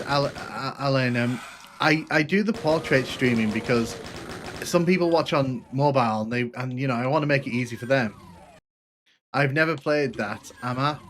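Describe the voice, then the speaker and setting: During a casual live gameplay stream, a man of ordinary middle pitch chats loosely, answering viewers in halting, rambling bursts full of fillers and restarts. His sound is a bit bright, and a faint hum lingers in the background.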